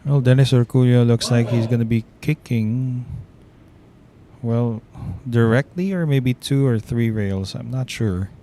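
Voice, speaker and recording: A man with a Filipino accent calling a live billiards match, breaking into excited exclamations at great shots. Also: mid-range voice, a little slow, a little hiss or hum. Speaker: play-by-play commentator.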